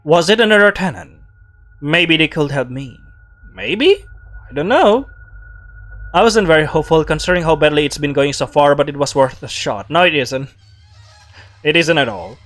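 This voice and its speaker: A man reading a game's story text aloud and breaking off for quick reactions and asides. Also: a little high, a bit bright. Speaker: gamer reading a visual novel aloud.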